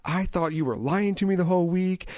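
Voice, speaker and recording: A man's voice: high voice, a little mellow, no room sound, clean studio sound, voice pushed up, natural voice. Man putting on his fretting worried mother. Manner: anxious, fretting, rapid questions. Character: worried suspicious middle-aged mother.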